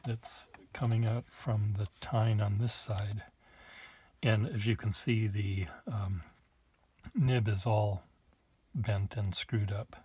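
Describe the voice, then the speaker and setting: A man with a lowish voice demonstrates pen nibs at his desk, speaking to the camera against a noisy background. As a collector giving a casual show-and-tell, he muses aloud and tosses in small asides while he writes.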